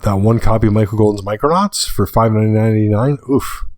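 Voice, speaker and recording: A man's voice: lowish voice, quick pace, darkish tone, no echo. Tired male podcast host reading prices. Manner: reads sale prices in a list, with dry asides. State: tired, late-night. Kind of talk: solo podcast monologue.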